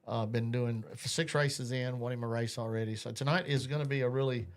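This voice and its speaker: A man's voice: medium pitch, steady tone, a little fast. A man hosting a live talk show, chatting loosely, joking and reading out viewer comments. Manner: rambling, jokey, reads out viewer comments. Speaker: host. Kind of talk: casual live show chat.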